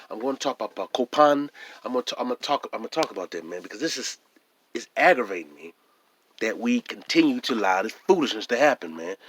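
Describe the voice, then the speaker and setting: A man with a hoarse voice, talking emphatically and repeating himself in a casual vlog monologue. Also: mid-range voice, a bit bright, no room sound. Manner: emphatic and repetitive, often restarting phrases. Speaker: vlogger.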